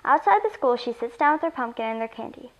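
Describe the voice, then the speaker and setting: A woman reading a children's story aloud in an expressive storytelling voice. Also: fairly high pitch, quick pace, dull audio. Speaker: story reader.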